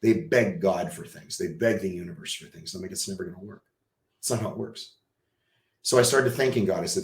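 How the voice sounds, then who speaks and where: A man with a fairly low voice tells a personal story as a podcast guest, acting out what people said. He drops to a hush, then bursts out loud and excited. The room around him has a roomy echo. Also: brisk. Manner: vivid storyteller who acts out quoted dialogue; swings from hushed to loud and excited.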